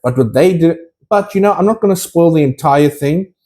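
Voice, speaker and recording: An enthusiastic man chats straight to his viewers about his collectibles. He rambles and restarts as he goes. His voice is mellow and warm. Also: fairly high pitch, fairly quick. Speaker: collectibles vlogger. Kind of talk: casual chat to viewers.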